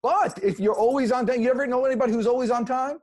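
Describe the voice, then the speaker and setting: A man being interviewed, giving energetic, preachy motivational advice in casual talk. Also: extremely high pitch, fast. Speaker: interview guest, sales motivator.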